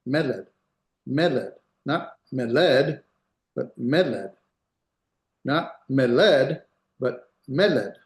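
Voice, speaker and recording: Guy teaching a language class, mid pitch, roomy echo, repeats stuff and asks if it makes sense. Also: darkish tone. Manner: explains step by step, repeats examples, checks understanding. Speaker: Hebrew instructor. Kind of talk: classroom lecture.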